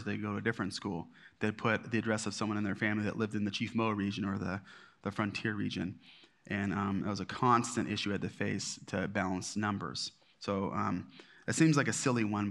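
A man's voice: lowish voice, fairly bright tone. A middle-aged man teaching a marriage class at church in a conversational, self-deprecating way, with many fillers and restarts. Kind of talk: casual teaching talk.

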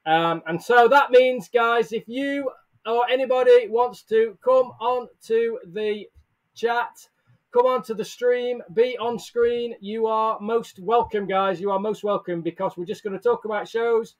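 High-voiced upbeat livestream host. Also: male voice, measured pace. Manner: upbeat, greets viewers by name, laughs often. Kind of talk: casual live-stream chat. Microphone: headset or earbuds with desk mic.

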